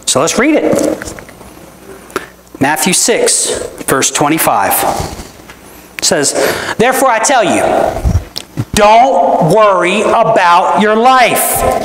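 Lively, echoey preacher in a church. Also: mid-range voice, slight background noise. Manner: conversational preaching, asks the audience "right?" often; emphatic, with rhetorical questions. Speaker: pastor. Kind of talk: sermon. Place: church sanctuary. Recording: roomy church echo.

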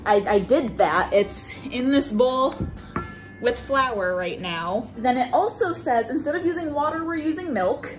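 A woman with a slightly high voice talks through a recipe in her home kitchen. Her casual, chatty cooking talk explains each step plainly, with faint music playing behind her. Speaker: cooking vlogger.

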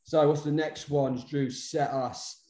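A man's voice: a little high, steady tone, slow, mellow. A man hosting a casual chat, hesitant and often repeating his words as he goes. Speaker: podcast host. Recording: roomy echo.

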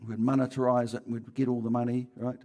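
A man's voice: mid-range voice, flat delivery, a little fast, dark tone. Conversational man preaching a church sermon. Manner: conversational preaching with restarts, rising and falling emphasis. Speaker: pastor.

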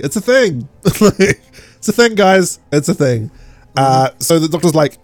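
A man hosting a casual podcast, excitable and laughing often as he retells scenes and acts out quotes. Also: mid-range voice, moderate pace, no echo. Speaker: podcast host.

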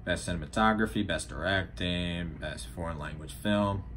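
A man's voice: low voice, normal speed, fairly bright tone, a little hiss or hum. A teenage boy vlogging casually about upcoming films, rambling with frequent restarts. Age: teens. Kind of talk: casual vlog commentary.

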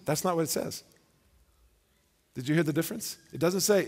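High-voiced preacher man in a reverberant hall. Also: brisk, long pauses. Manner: emphatic, rhetorical questions, repeats words while building points. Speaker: pastor. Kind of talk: sermon. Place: church sanctuary. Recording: long church-hall reverb.

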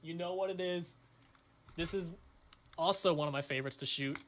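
High, bright-voiced young man swearing excitedly. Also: normal speed. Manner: crude, excitable, swears a lot. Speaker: channel host. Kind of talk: casual vlog chat.

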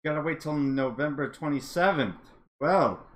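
A man live-streaming a racing game, chatting casually and reacting with excitable exclamations. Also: on the high side, normal speed. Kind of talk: casual live-stream chat while gaming.

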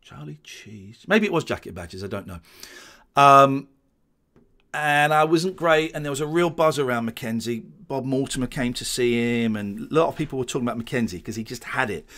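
A man's voice: mid-range voice, moderate pace, a bit bright. A man, rambling and restarting as he gives casual commentary on his old show. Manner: rambling, many restarts and stammers. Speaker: host watching back his old show.

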